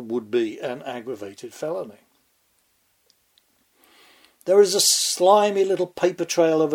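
A man delivering scripted political commentary with dry, sardonic sarcasm and dramatic pauses. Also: fairly high pitch, darkish tone, husky. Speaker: commentary host.

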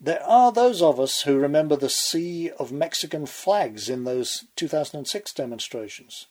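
A man's voice: fairly high pitch, animated, moderate pace. A man delivering a scripted political commentary monologue with sardonic, sarcastic asides.

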